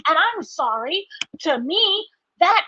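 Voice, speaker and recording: Female podcast co-host, high voice, animated exasperated ranting, dry dull recording. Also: takes it slowly, slight background noise. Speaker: podcast co-host reviewing a TV episode. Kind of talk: casual ranting review.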